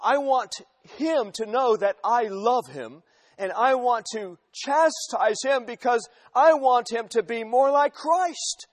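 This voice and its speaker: A man's voice: very high voice, slow. A man in his forties preaching a sermon, telling illustrations emphatically and repeating phrases for weight. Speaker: pastor.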